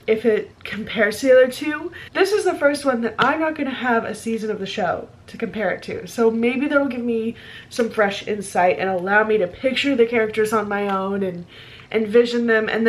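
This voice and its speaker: A young woman vlogging casually about her reading, chatty and rambling with lots of fillers. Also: a little high. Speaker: book vlogger. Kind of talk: casual vlog chat.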